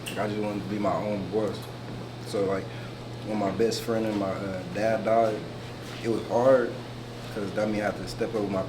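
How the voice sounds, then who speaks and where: Young man, deep-ish and monotone, sincere and hesitant, noise in background. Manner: earnest, halting, flat delivery. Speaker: guest. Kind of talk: casual interview chat. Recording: noisy background ambience.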